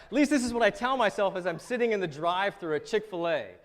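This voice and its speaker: A man's voice: high voice, expressive, quick pace, big-room sound, noisy background. A man preaching a sermon as pastor in a church, talking to the congregation in a joking, conversational way. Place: church sanctuary.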